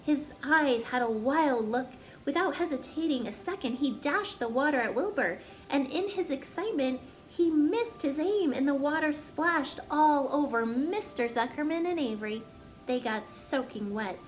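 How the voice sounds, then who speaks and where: A woman storyteller reading a children's chapter book aloud with gentle, expressive narration. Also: sits high, moderate pace, faint music behind.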